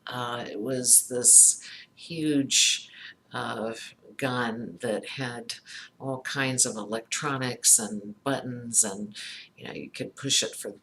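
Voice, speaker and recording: Slow, halting woman telling a story. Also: very deep voice, fairly bright tone, a little hiss or hum. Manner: halting, many fillers and restarts. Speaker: psychologist talking about empathy. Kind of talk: reflective personal storytelling.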